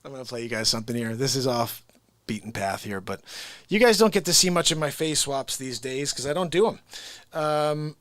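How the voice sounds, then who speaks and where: A man's voice: mid-range voice, lively intonation, brisk, a bit bright, dry recording. A man hosting a casual livestream, chatting directly to viewers about his impressions.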